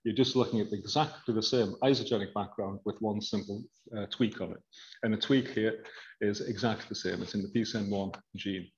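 Low-voiced guy lecturing, explains slide by slide, kinda dull muffled recording. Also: steady tone, a little mellow. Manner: explanatory, walks through slides with measured hedging. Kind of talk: academic lecture.

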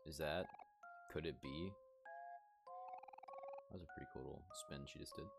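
A man's voice: extremely low pitch, steady tone, moderate pace, vocal fry, loud music behind the voice. A man streaming a video game, casually commenting and mumbling item text aloud. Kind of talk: casual let's-play commentary. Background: game soundtrack.

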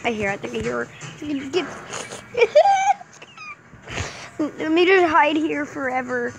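A woman's voice: sits high, normal speed, creaky, very noisy. A woman hosting a gaming channel, giving casual commentary in a jumpy, playfully exasperated way.

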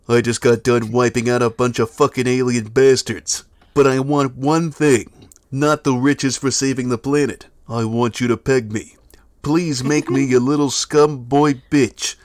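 A man voicing a gruff, macho male action hero, delivering slow, swaggering, crude boasts. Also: mid-range voice, fairly even intonation, no room sound, lightly acted.

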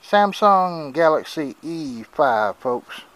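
Guy rambling to the camera in his yard, slightly high voice, bit winded, faint background noise. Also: sing-song, takes it slowly, a bit bright, poor audio. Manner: rambling, folksy, addresses viewers as folks. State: out of breath. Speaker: vlogger. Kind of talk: casual vlog narration. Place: outdoors in a yard.

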